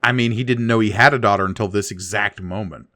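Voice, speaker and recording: A man with a fairly low voice, recorded dry and close, co-hosts a relaxed comic book chat. He walks through story details in an explanatory way and sometimes reads captions aloud. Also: quick pace, no echo. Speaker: podcast co-host. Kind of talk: casual comic book discussion.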